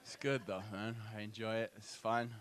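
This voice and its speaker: A man's voice: lowish voice, fairly even intonation, normal speed, a bit bright. A young man from Alberta doing loose, slangy stand-up crowd work as host of a comedy night. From Edmonton, Alberta, Canada. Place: comedy club stage with audience.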